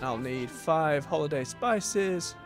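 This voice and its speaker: A man with a somewhat high voice streams a role-playing game and chats as he goes. His pitch rises and falls freely as he muses out loud. Soft game music plays faintly behind him. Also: animated, slow pace. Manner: chatty, thinking aloud while playing. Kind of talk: casual live-stream commentary.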